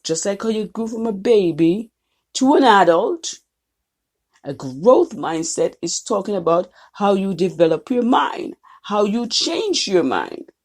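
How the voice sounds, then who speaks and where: A woman's voice: medium pitch, big pitch swings, measured pace, a little mellow. A woman college instructor giving a recorded lecture, emphatic and posing questions to the class.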